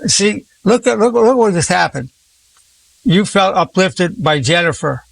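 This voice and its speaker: A man's voice: sits high, lively intonation, a little slow, gravelly. A man in his eighties, a psychologist leading a group session, who talks effusively and keeps repeating words of praise. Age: 80s. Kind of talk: encouraging group talk.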